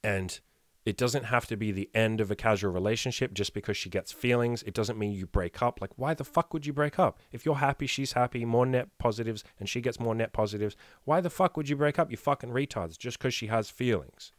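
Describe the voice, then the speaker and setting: A man's voice: medium pitch, a little fast, dry recording, clean studio sound. A man in his thirties, a dating coach talking bluntly and profanely on a casual podcast, with emphatic rhetorical questions. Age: 30s.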